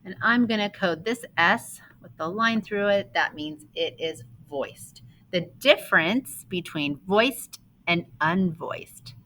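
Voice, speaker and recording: A woman teacher leading a phonics lesson for young children, sounding out words slowly in a sing-song voice. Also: fairly low pitch, animated, a bit bright, a little hiss or hum, rough recording.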